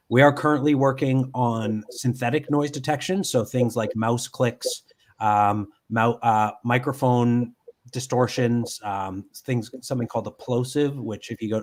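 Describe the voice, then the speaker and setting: A man at home gives a live software walkthrough, explaining one step at a time in a medium-pitched voice. His speech is full of ums and restarts.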